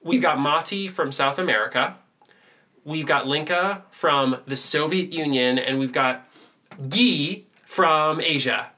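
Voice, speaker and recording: A woman's voice: low-pitched, a little slow, bright, forceful tone. A woman co-hosting a podcast, recapping a cartoon in casual chat with sarcastic, crude jokes. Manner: sarcastic, crude jokes, puts on silly voices. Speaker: podcast co-host.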